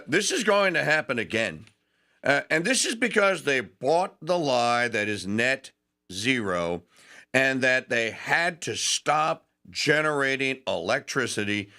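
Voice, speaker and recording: A man hosting a talk radio show, ranting and sarcastic. He shifts between fast bursts and slow, stressed phrases. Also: medium pitch, sharp tone. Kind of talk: opinionated talk radio monologue.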